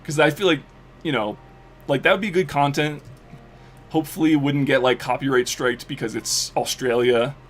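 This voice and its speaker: A man streaming live and chatting casually while he plays a game, rambling excitedly with lots of swearing and fillers. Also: medium pitch, normal speed.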